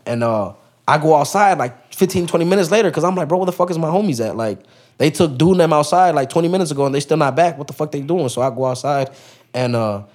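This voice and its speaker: A man's voice: fairly high pitch, quick pace, a little mellow. A young man, a podcast guest, telling a story in casual street slang, full of profanity and acted-out quotes.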